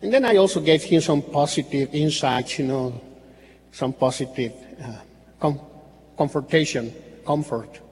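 A man's voice: on the high side, measured pace, darkish tone, breathy edge. A man, a Catholic priest, preaching a sermon in an earnest, repetitive way with slips and restarts. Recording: faint hall reverb with background noise.

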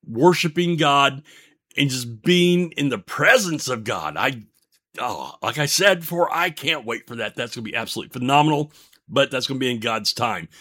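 A man's voice: mid-range voice, sharp tone. A man in his fifties, the show's host, sharing a faith testimony between songs in an earnest, folksy, preacher-like way. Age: 50s.

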